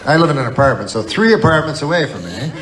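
Guy doing stand-up, deadpan and rambly, kinda high voice, loud laughing crowd and noise. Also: fast. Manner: deadpan, rambling, mock-earnest with sudden outbursts. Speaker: stand-up comedian. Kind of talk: stand-up comedy set. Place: live comedy venue with laughing audience. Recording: live stage recording with crowd laughter and noise. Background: audience laughter.

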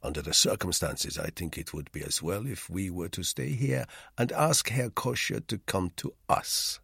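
A man's voice: sits low, normal speed, gravelly, breathy edge, dry recording, clean studio sound, heavily acted. A man reading the part of a cold, sardonic, menacing middle-aged spy in an audiobook, with an icy, contemptuous manner. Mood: weary, cold. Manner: icy and acid, softly contemptuous.

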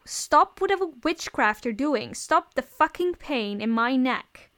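A woman's voice: on the high side, lively intonation, moderate pace. A woman reading aloud, voicing a brash, foul-mouthed teenage boy thief who snaps and swears. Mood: defiant. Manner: rude, snapping, swearing.

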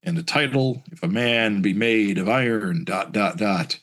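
A man co-hosting a podcast, reading comic narration aloud in a casual, halting way with fillers and restarts. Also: lowish voice, fairly bright tone.

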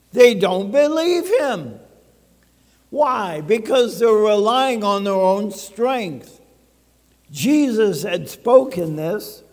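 A man preaches a sermon in a church, his voice riding high for a man and unhurried in delivery. He speaks emphatically and checks in with the congregation. The sound carries a long hall reverb. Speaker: pastor. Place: church sanctuary.

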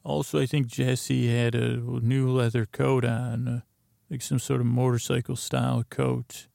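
A man casually recapping a TV episode, rambling and halting with many fillers and restarts. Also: medium pitch, level tone, vocal fry, warm tone, dry recording, studio quality. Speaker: podcast host.

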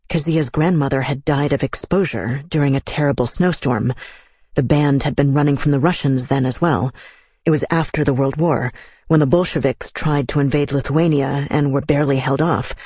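A man reading a novel aloud as narrator, in a measured, even storytelling manner, close to the mic. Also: mid-range voice, husky, no room sound. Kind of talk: scripted audiobook narration.

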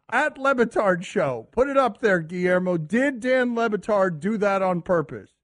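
A man hosting a sports radio show, excitable and mocking, often laughing as he talks. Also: sits high, unhurried.

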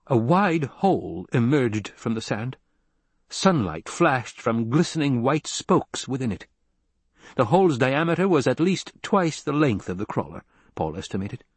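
Male narrator, husky, mid-pitched, dry close sound, steady audiobook read. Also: no echo. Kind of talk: scripted narration.

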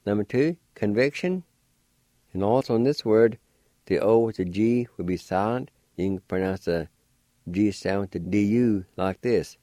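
Slow, patient man spelling out words. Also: lowish voice, mellow, no room sound, clean studio sound. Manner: encouraging to learners. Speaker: language teacher and radio host. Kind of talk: radio language lesson.

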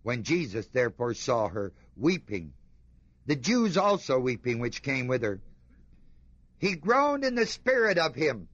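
Guy preaching a sermon, asks the crowd lots of questions, goes quiet then fired up, kinda muffled dry lo-fi sound. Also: medium pitch, big pitch swings, unhurried, no room sound. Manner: emphatic, rhetorical questions to the congregation, swings between hushed and fervent. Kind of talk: sermon, reading and commenting on scripture.

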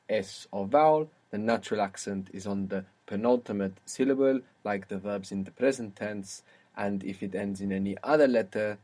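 A man teaching a one-to-one language lesson, explaining patiently and slowing down to model words. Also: on the low side, darkish tone.

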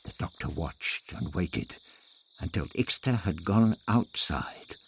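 A man narrating a story as an audiobook in a measured storytelling manner. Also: sits low, lively intonation, slight background noise.

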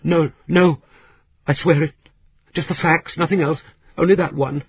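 A man voicing a frantic middle-aged woman who is crying and pleading in a high voice, as a narrator reading a novel aloud. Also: fairly even intonation, a little slow, breathy edge, exaggerated voice. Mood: sobbing. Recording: tinny phone-like sound.

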